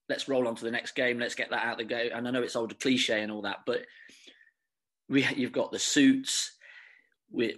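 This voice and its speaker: A man's voice: mid-range voice, sharp tone. A man, a former footballer, chatting casually as an interview guest, laughing and restarting phrases as he tells stories.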